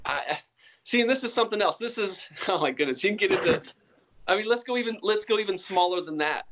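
A man's voice: sits high, animated, fast, fairly bright tone, highs cut off. A man being interviewed about hunting, talking in an earnest, rambling way with many restarts. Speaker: hunter guest. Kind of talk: casual interview talk.

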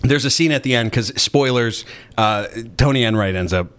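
A man's voice: mid-range voice, normal speed, fairly bright tone, smooth. A man hosting a casual chat, retelling a story in a rambling, sarcastic, profane way.

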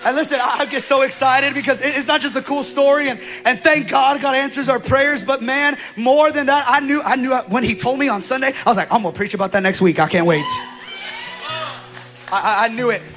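A male pastor telling a story in a sermon, going from quiet storytelling to loud, excited preaching. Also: very high-pitched, a little fast, hardly any pauses, music in the background, crowd noise.

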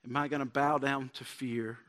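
A man's voice: mid-range voice, little pitch movement, moderate pace, fairly bright tone. A man preaching a sermon as pastor in a church, earnest and building to emphatic points. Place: church sanctuary. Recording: long church hall reverb.

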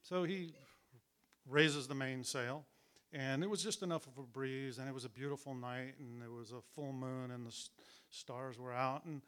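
A man's voice: mid-range voice, steady tone, moderate pace, fairly bright tone. A middle-aged man telling a personal story in a chatty way, laughing now and then and acting out what people said. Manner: chatty, laughing as he tells it, acts out the voices.

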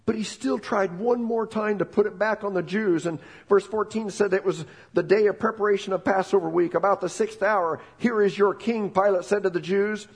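A man's voice: high-pitched, steady tone, moderate pace, few pauses, slightly rough. A man preaching a sermon as pastor, retelling the story dramatically and acting out the quoted voices.

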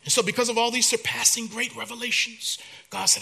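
Male pastor, sermon, high voice, very bright tone, dramatic hushes and swells. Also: steady tone, brisk, creaky, a little hiss or hum. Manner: preachy, dramatic, swings from hushed to loud.

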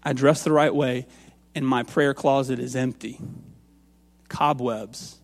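A man on a church's music staff, preaching an earnest sermon that moves from quiet asides to raised, emphatic lines. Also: mid-range voice, fairly even intonation, takes it slowly, big-room sound.

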